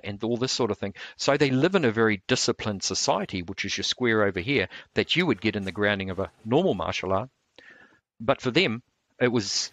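A man tells stories at an easy, rambling pace. He stops and restarts often, with plenty of fillers. His voice sits low, and the sound is dry with almost no room echo. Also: a bit bright. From New Zealand. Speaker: martial arts instructor. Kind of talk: relaxed storytelling interview.

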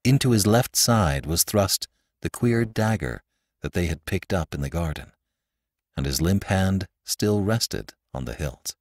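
A man narrating an audiobook, reading expressively with a lowish voice and a lively, animated pitch. He is recorded close on a studio mic, so the sound is dry. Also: measured pace, no room sound. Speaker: narrator and podcast host.

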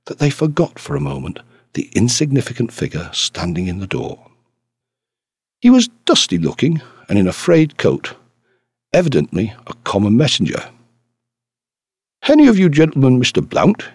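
A man reading a classic detective story aloud as an audiobook narrator, with expressive storytelling. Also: fairly low pitch, normal speed, slightly rough, dry recording. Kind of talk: scripted narration.

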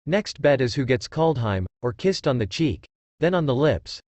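A man's voice: mid-range voice, expressive, normal speed, a little mellow, dry recording, natural voice. A man reading the lines of a chatty, teasing young female ninja in a fan story.

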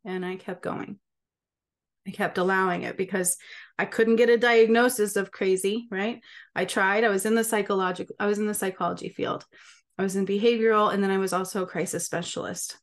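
A woman's voice: mid-range voice, steady tone, a little fast. A woman speaking casually and emphatically to camera as a spiritual healer, often checking in with her listeners. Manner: emphatic, with frequent rhetorical check-ins. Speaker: spiritual healer and channel host.

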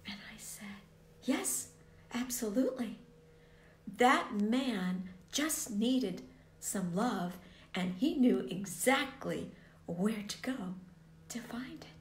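A woman's voice: a little high, lively intonation, takes it slowly, long pauses. A woman telling a personal story in an earnest way, often falling to a near whisper and pressing hard on key words. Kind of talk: personal story told to viewers. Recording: echoey room, faint background noise.

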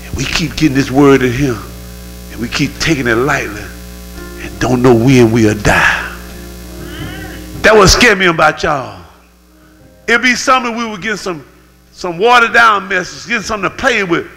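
A man pastor preaching a sermon, swinging between shouts and low growls. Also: creaky, big-room sound, poor audio. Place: church sanctuary.

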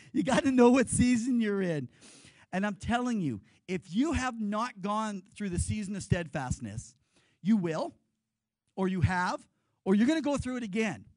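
A male pastor giving a lively sermon, telling stories and leading the congregation in call-and-response. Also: high voice, normal speed, no echo, poor audio.

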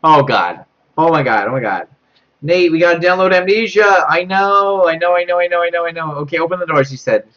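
A man's voice: animated, fairly quick, a bit bright. A young man streaming a horror game live, panicking, laughing nervously and repeating himself as he reads chat aloud. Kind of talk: live gameplay commentary. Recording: dull low-quality mic.

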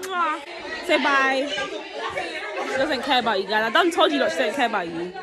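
A woman's voice: high voice, normal speed, a loud crowd. A young woman chatting and teasing in a casual vlog. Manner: teasing, expressive. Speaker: vlogger. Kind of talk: casual chat.

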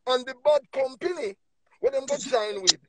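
A man with a Jamaican accent preaching emphatically on a livestream, swinging between low murmurs and loud bursts. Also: normal speed, noisy background. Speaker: livestream speaker.

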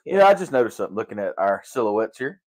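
A man's voice: lowish voice, very animated, quick pace, darkish tone, no room sound. A man co-hosting a casual live podcast, joking and teasing his partner with mock-announcer bits. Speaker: podcast co-host.

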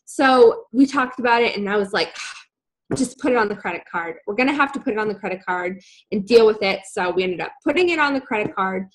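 A young woman casually telling a personal story, animated, acting out her own past words. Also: mid-range voice, fast, poor audio.

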